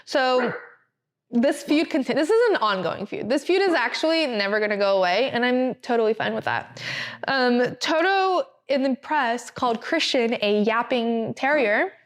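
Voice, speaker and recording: A woman's voice: fairly high pitch, animated, moderate pace. A woman hosting a podcast, talking casually and animatedly, with filler words and laughs. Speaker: podcast host. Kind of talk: casual chat, reading a statement aloud.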